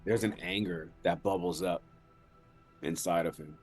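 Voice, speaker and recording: Very deep slow guy describing his character in a tabletop game, keeps stalling with like and you know. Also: steady tone, a little mellow, faint music behind. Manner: halting, searching for words with many fillers. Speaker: player.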